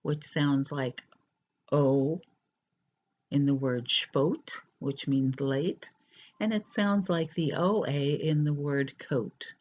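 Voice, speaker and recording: A teacher giving a recorded language lesson, explaining slowly and deliberately with hesitant fillers, in a dull lo-fi recording. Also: mid-range voice.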